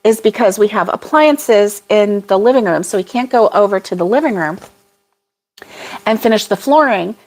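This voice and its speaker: A woman's voice: medium pitch, expressive, moderate pace, darkish tone. A woman hosting a casual livestream chat with viewers, rambling and laughing often. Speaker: crochet channel host.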